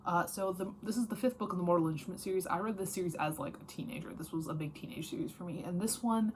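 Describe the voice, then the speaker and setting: A book vlogger with a fairly low voice chats quickly through a casual wrap-up of her recent reads. She's frank and meandering, full of fillers and self-corrections, over a faint hiss or hum.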